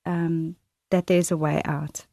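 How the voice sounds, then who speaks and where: A woman in her thirties speaking in a candid, conversational Christian talk, often laughing and quoting herself with animated bursts. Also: sits low, slow, vocal fry, no echo. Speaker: guest speaker.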